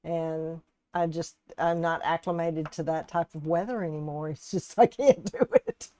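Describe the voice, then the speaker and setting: A woman's voice: low-pitched, fairly even intonation, moderate pace, dark tone, dry recording. A woman from Texas and Alabama with a Southern US accent, hosting a casual live crafting stream, chatty and often laughing as she greets viewers by name. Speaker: live-stream host and resin artist.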